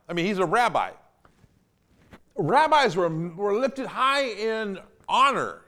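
Animated, high-voiced male preacher. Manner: animated, emphatic preaching with acted-out quotes. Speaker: pastor. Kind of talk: sermon.

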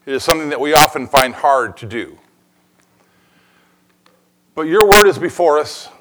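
Male pastor, high bright voice, chatty sermon with sung bits, faint hiss behind. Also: lively intonation, normal speed, low-quality recording. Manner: conversational, jokey preaching with sung snippets.

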